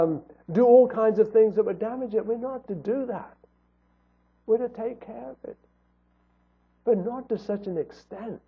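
A man's voice: sits high, husky. A man preaching a sermon in an earnest tone, asking rhetorical questions. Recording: tinny phone-like audio.

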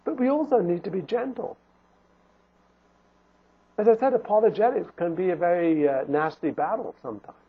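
Male preacher, high husky voice, earnest and pleading, recorded on a phone-like line. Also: normal speed, long pauses. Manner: earnest, pleading rhetorical questions, restarts. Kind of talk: sermon. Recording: phone-like narrow band.

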